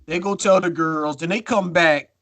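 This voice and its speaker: A man co-hosting a podcast in casual chat, telling a story with lively acted-out quotes and free swearing. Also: a little high, moderate pace, no room sound. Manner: animated storytelling, acts out quotes, swears freely. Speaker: podcast co-host.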